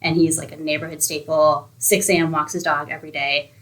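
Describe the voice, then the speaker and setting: A woman's voice: low-pitched, flat delivery, brisk, a bit bright, poor audio. A woman co-hosting a library podcast, chatting casually and eagerly retelling a book's plot, acting out characters' lines. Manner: enthusiastic, acts out characters' lines. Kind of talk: casual book recommendation chat.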